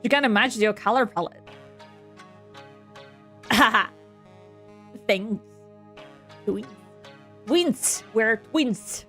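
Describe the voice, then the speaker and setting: Slow-talking, high-voiced excitable woman streamer. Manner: excitable, swears and laughs often; halting, restarting English. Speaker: VTuber streamer. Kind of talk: casual gameplay commentary. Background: faint game music.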